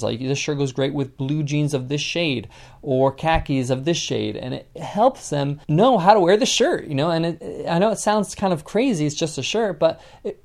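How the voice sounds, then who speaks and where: A man's voice: fairly high pitch, darkish tone. A man hosting a podcast business lesson, talking conversationally and encouragingly, with frequent fillers. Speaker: podcast host.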